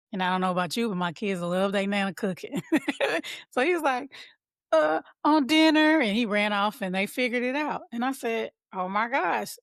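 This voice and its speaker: A woman's voice: medium pitch, no room sound. A woman hosts a motivational podcast for mothers in a conversational coaching tone. She talks to listeners as y'all. Her voice sits mid-range and is recorded close, in a dry room. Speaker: podcast host and mom coach.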